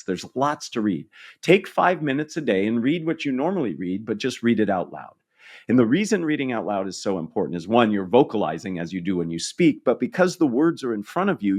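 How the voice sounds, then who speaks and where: A man's voice: fairly low pitch, a little mellow. A man guesting on a podcast interview, explaining communication tips in a coaching tone with small restarts.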